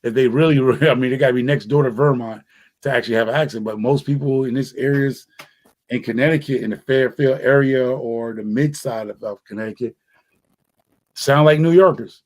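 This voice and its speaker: A man's voice: mid-range voice, brisk, darkish tone. Laid-back New man chatting. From New York City. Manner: rambling, laid-back, slangy. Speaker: podcast host. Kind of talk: casual chat.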